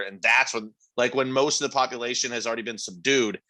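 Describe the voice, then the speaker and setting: A man's voice: mid-range voice, quick pace, hardly any pauses, bright, forceful tone. A man co-hosting a podcast, arguing his points emphatically in casual chat with plenty of swearing. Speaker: podcast co-host.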